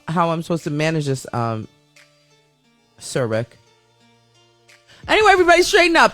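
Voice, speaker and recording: A man's voice: fairly high pitch, fairly bright tone, no room sound. A man hosting a live radio-style show, chatting casually and rambling while reading the viewer chat aloud.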